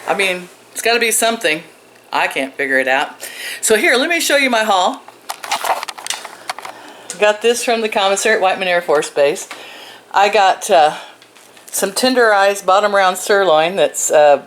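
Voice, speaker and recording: A woman's voice: medium pitch, fairly bright tone. An older woman hosting her own vlog in chatty, self-mocking talk, laughing often. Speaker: vlog host. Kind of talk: casual vlog chat. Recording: distant voice with background noise.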